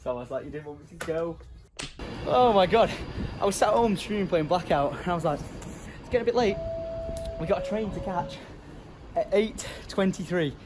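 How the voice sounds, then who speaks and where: A man's voice: high voice, lively intonation, a little fast. A young man chatting casually and jokily to camera for his vlog. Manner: chatty and jokey, teasing. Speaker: vlogger. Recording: noisy street and travel background.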